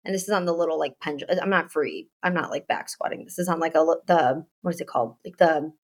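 A woman's voice: deep voice, quick pace. A woman co-hosting a casual chat podcast, telling a long story with many restarts and filler words. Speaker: podcast co-host.

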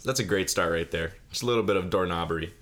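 A man's voice: low voice, fast talker, fairly bright tone. A young man hosting a solo podcast, rambling goofily, mocking himself and laughing at his own jokes. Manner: mock-sobbing bit, put-on crying. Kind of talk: rambling solo comedy chat. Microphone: desk mic.

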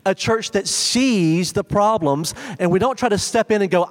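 A young man preaches to his congregation in a relaxed, talky way, often leaning on "like" as he goes. His voice sits somewhat high for a man. The sanctuary around him rings with a long reverb. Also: moderate pace. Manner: conversational preaching, frequent "like". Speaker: pastor. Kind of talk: sermon. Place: church sanctuary.

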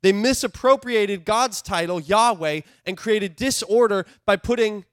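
Unhurried yet animated, a male pastor preaches in a light, high voice, talking to listeners conversationally. He shifts from loud enthusiasm to soft, hushed remarks, captured in a dry, close recording.

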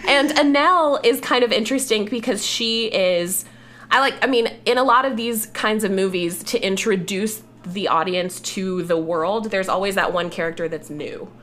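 A woman's voice: on the high side, expressive, a bit bright, soft background music. Southern woman hosting a podcast, chatty, lots of ums, laughs easily. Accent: Southern American. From American South. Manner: chatty, quick to laugh, many fillers. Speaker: podcast host. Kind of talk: casual chat.

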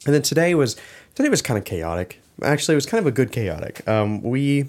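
A man's voice: medium pitch, quick pace. A young man co-hosting a podcast, rambling through stories in casual chat and acting out quoted lines. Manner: rambling storyteller, animated quoting. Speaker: podcast co-host.

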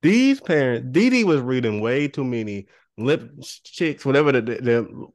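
A man's voice: mid-range voice, expressive, moderate pace, no room sound. A man co-hosting a casual podcast chat, giving laid-back, wry commentary. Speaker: podcast co-host. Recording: dry close sound.

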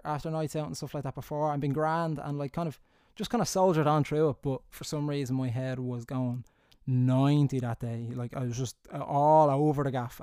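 A man's voice: a little high, darkish tone, smooth, dry recording. A young Irish man telling stories casually into a close mic, rambling, laughing and swearing as he goes. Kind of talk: casual anecdotal storytelling. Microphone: close studio mic.

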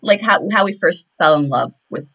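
A woman's voice: lowish voice, lively intonation, moderate pace, a bit bright, lo-fi sound. A young American woman co-hosting a podcast, talking casually with plenty of fillers. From United States. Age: young adult. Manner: chatty, lots of fillers. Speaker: podcast co-host. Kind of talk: casual chat.

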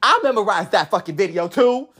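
A woman's voice: medium pitch, animated, brisk, a bit bright, husky. A young adult woman in a sassy, combative comic rant, bragging profanely about being the top fan. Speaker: comedic ranting fan. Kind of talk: comedic rant to camera.

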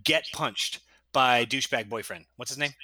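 A man co-hosting a casual movie podcast, retelling a scene in an animated, rambling way and laughing as he goes. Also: medium pitch, normal speed, dry recording. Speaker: podcast co-host. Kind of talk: casual chat.

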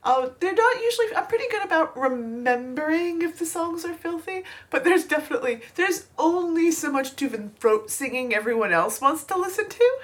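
A woman's voice: high-pitched, expressive, moderate pace, few pauses. A woman co-hosting a podcast in casual chat, playful and teasing, laughing often. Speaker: podcast co-host.

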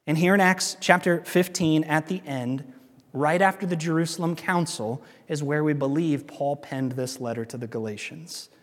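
A male pastor preaching in a loose, conversational manner, hammering his main points through repetition. His voice sits a little higher than most men's, and a long reverb trails each phrase as if he is in a large hall. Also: moderate pace. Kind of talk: sermon.

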